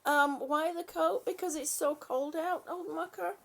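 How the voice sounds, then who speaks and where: A woman talking casually to her small dog as she dresses it, coaxing and affectionate, often quiet and laughing. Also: very high voice, steady tone, a little slow, vocal fry. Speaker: vlogger.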